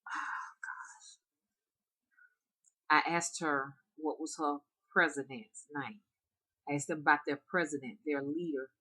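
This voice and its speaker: Woman, rootworker storyteller, soft, hesitant, bright tone, slightly low pitch. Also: fairly even intonation, slow pace, long pauses, low-quality recording. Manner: soft-spoken, hesitant, with restarts. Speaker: spiritual reader and rootworker. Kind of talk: casual storytelling to viewers.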